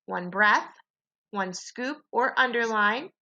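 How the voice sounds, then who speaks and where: A woman teaching a phonics lesson to young children, slowly sounding out letters and sounds and asking them to echo her. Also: fairly high pitch, bright, forceful tone, dull audio.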